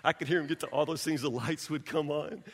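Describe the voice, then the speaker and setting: High, bright-voiced pastor preaching in a hall. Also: male voice, fast, husky. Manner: animated storyteller, acts out scenes, drops to quiet intensity. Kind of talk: sermon with personal storytelling. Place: church sanctuary. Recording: reverberant hall.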